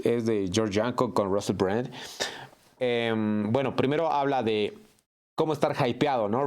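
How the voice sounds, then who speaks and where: Fast-talking man hosting a reaction. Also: medium pitch, a little mellow. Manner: quick, emphatic, repetitive. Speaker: reaction video host. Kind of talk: casual commentary.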